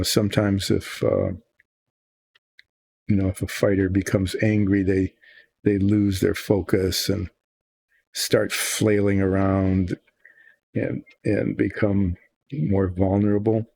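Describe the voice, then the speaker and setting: A man's voice: low-pitched, flat delivery, takes it slowly, vocal fry, long pauses, a little mellow. An older man hosting a miniature painting video, chatting casually and thinking aloud in a meandering, self-deprecating way. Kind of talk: casual rambling chat while painting.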